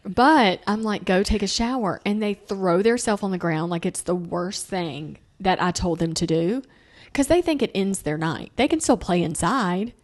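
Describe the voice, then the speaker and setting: A woman's voice: lowish voice, moderate pace, hardly any pauses. A young woman hosting a casual family podcast chat, telling parenting stories and acting out the lines she quotes. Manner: animated storyteller, acting out quotes in sing-song voices. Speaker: podcast host.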